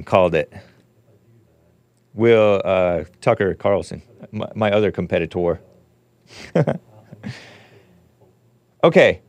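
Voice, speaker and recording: A man's voice: fairly low pitch, clean tone, no room sound. A man hosting a call-in show, talking in a casual, rambling way with mocking, opinionated commentary. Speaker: podcast host.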